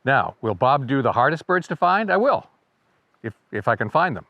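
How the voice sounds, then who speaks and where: There's no room sound and the highs are cut off as a man of medium pitch hosts a casual birding video. His sing-song delivery moves at normal speed, wry and chatty, and he imitates bird songs vocally for the viewers.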